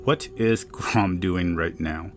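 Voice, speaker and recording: A man's voice: low-pitched, slow, music in the background. A man narrating a tabletop game as game master, describing scenes dramatically.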